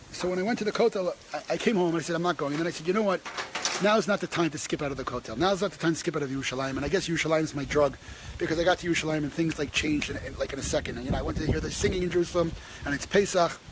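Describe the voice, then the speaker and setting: Man, high voice, impassioned and halting, talking to camera over a noisy track. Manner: impassioned, many restarts, rising when stressed. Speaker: host. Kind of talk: passionate personal talk.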